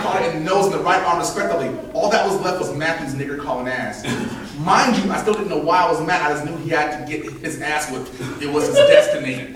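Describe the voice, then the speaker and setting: A man in his thirties tells a personal story live at an open mic, animated, acting out voices and laughing between lines. His fairly high voice comes from a distant mic in a very echoey room. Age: 30s.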